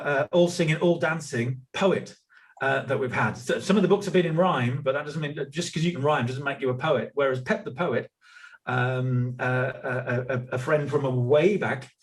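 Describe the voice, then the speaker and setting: A man hosting an interview, introducing his guest in a hesitant, halting way. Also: medium pitch, low-quality recording. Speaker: interview host. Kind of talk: casual interview.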